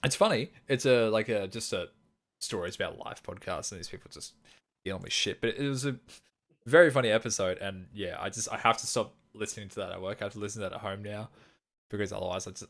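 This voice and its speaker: A man cohosting a casual podcast, chatty and quick to laugh, speaking into a desk microphone. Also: lowish voice, fairly bright tone. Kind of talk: casual chat.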